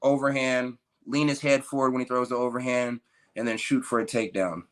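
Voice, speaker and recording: A man's voice: mid-range voice, little pitch movement, brisk, a bit bright. A young man, a professional fighter, giving laid-back, joking interview answers full of fillers.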